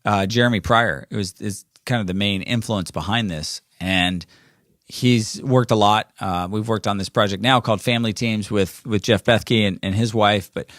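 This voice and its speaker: A man's voice: lowish voice, moderate pace, a bit bright, no echo, studio quality. A man in his forties hosting a podcast alone, talking in a rambling, playful way with many fillers and self-corrections. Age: 40s. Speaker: podcast host. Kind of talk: casual solo podcast monologue.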